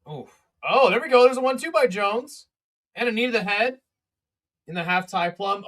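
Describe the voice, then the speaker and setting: A man's voice: sits high, lively intonation, moderate pace, bright, forceful tone, no echo, studio quality. A young man hosting a casual live fight companion stream, chatting with viewers between calls of the action and swearing freely. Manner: chatty, swears, reads chat aloud.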